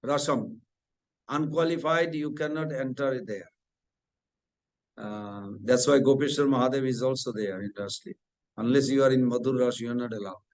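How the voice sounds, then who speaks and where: A man's voice: medium pitch, moderate pace, a little mellow, poor audio. A man leading a scripture class, telling a devotional story and acting out its dialogue.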